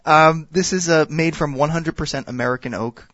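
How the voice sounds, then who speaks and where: A man appearing as a guest expert, explaining wine and whiskey in a casual, halting way. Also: fairly high pitch, fairly bright tone, no room sound. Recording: dull, dry sound.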